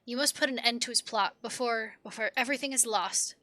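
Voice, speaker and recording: A woman's voice: on the high side, no room sound. A woman voicing a wounded young woman who speaks faintly and hesitantly from hiding. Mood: pleading. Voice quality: faint, soft-spoken. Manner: hesitant, halting pleas.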